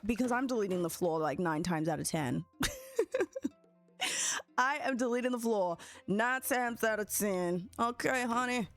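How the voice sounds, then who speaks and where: A young woman chatting excitedly with her viewers while streaming a building game. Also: mid-range voice, moderate pace, hardly any pauses, faint music behind. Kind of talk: casual live-stream commentary.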